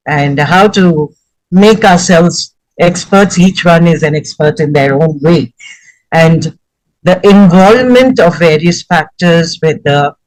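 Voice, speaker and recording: A man's voice: fairly high pitch, no echo, rough recording. A man giving a formal, effusive spoken review of a session, with elaborate wording. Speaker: session participant giving feedback.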